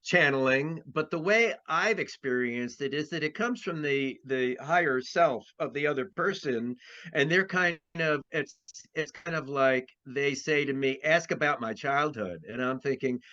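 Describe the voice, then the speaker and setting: A man's voice: medium pitch, a little slow, bright, forceful tone. Guy rambling about his work in an interview, lots of uh and restarts, mid voice. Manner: rambling, many restarts and fillers. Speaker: astrologer guest. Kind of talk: conversational interview. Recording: dull lo-fi sound.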